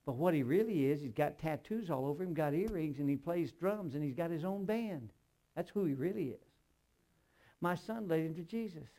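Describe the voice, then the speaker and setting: A man's voice: fairly high pitch, expressive, normal speed, dark tone. A man preaching a sermon, telling stories and acting out both sides of each conversation while speaking straight to the congregation. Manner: storytelling, acts out dialogue in quotes; addresses the congregation directly.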